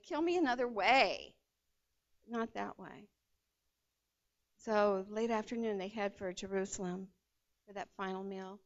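A woman teaching a Bible passage in a lively, conversational way, sometimes acting out the voices of the people in the story. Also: fairly high pitch. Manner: animated retelling, acts out the disciples' voices. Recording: dull lo-fi sound.

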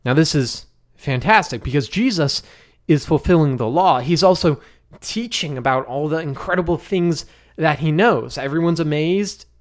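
Higher-voiced man teaching the Bible casually. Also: expressive, moderate pace. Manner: conversational, with occasional chuckles.

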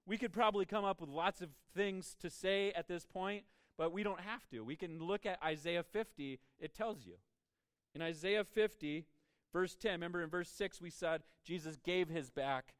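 A man's voice: high voice, normal speed, a bit bright, no echo, studio quality. A man preaching a sermon as a pastor, emphatic and prone to stumbling over repeated words as he starts each point.

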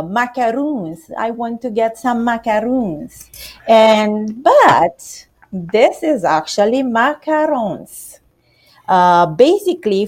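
Slow-speaking Romanian-accented woman. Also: mid-range voice, darkish tone. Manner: non-native phrasing, many hesitations. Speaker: macaron shop owner. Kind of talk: interview answers.

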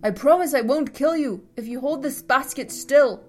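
A woman reading a story and voicing a desperate man who shouts in panic. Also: on the high side, measured pace. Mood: panicked. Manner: shouted, frantic.

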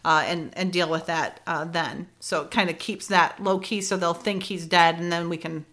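A woman's voice: on the low side, steady tone, moderate pace, a bit bright. A woman co-hosting a casual chat, retelling TV scenes with frequent laughter and fillers. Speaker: podcast co-host recapping a TV episode.

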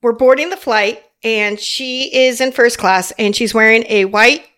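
A woman's voice: fairly high pitch, unhurried. A middle-aged woman, a flight attendant guest, telling stories in casual chat and laughing often. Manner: giggly, animated storyteller who laughs often.

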